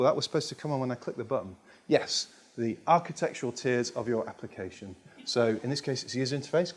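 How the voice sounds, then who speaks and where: Male agile trainer, mid-pitched, chatty and rambling, self-deprecating. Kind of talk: casual explanatory talk.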